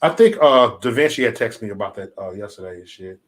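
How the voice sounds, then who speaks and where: A man hosting a casual livestream chat, talking in a profane, animated way and slipping into mocking impressions. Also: on the low side, quick pace. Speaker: channel host.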